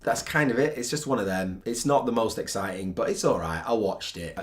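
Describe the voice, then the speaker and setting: A man's voice: on the low side, animated, brisk. A man giving a casual, candid film review, chatty and sardonic in tone, with blunt asides.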